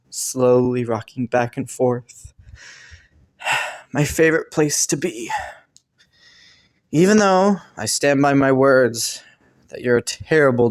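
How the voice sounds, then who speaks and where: A man voicing Killua as a devoted young boyfriend in a romantic listener role-play audio, talking softly with many sighs and little laughs. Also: medium pitch, lightly acted. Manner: soft, sighing, breathy little laughs. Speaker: voice actor.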